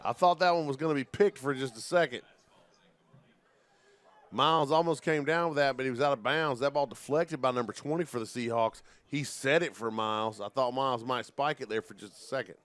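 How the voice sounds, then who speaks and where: A man calling live football play-by-play in an energetic, folksy, jokey way. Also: mid-range voice, a little fast, no room sound. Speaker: play-by-play commentator.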